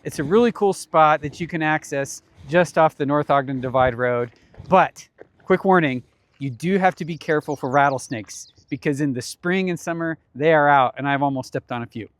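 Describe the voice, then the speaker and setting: A man's voice: a little high, moderate pace. A man presenting for a ministry foundation, giving a casual explanatory talk outdoors on a mountain trail, conversational and chuckling now and then. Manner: conversational, with frequent small chuckles.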